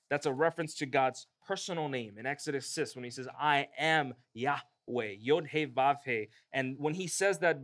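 Pastor, male, emphatic sermon delivery, slightly higher voice. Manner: emphatic preaching with rising emphasis.

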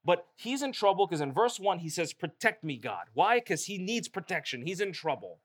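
Pastor, male, emphatic sermon delivery, slightly higher voice. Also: very animated, a little fast. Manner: emphatic preaching with rising emphasis.

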